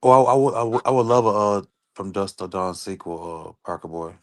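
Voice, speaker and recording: Laid-back low-voiced man on a livestream. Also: brisk. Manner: laid-back, laughs often. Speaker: livestream co-host. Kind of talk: casual commentary chat.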